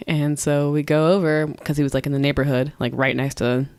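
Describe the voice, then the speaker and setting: A woman's voice: low-pitched, fairly even intonation, a little fast, a little mellow, no echo, studio quality. A young woman co-hosting a podcast, telling a story in a rambling, giggly way, full of "like" and restarts. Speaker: podcast co-host. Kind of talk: casual storytelling chat.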